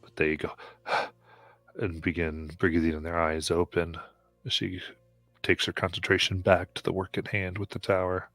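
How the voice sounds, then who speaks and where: A man narrating a tabletop game as game master, halting often with ums and uhs on a live stream. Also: sits low, level tone, a bit bright, no echo, soft background music.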